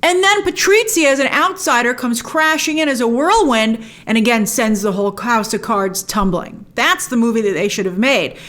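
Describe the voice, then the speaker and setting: Animated opinionated woman reviewing a film. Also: a little high, normal speed, hardly any pauses. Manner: animated, opinionated, acts out quoted lines. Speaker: movie review host. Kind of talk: spoiler movie review talk.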